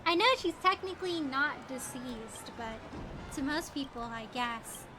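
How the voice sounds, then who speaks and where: A young woman streaming a game, chatting in a bubbly, excitable way and saying 'like' and 'bro' a lot. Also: sits high, a little slow, over music. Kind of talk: casual gaming stream chat.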